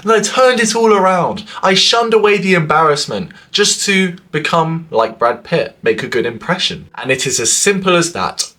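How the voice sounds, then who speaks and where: A man in his twenties who talks to the camera in an earnest way, giving social advice, with his pitch and loudness swinging widely. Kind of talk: talking to camera.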